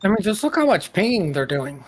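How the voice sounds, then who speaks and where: Casual male co-caster with a slightly higher voice, halting and chatty. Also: big pitch swings, a little hiss or hum. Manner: loose, hesitant, full of fillers. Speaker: co-commentator. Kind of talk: casual live game commentary.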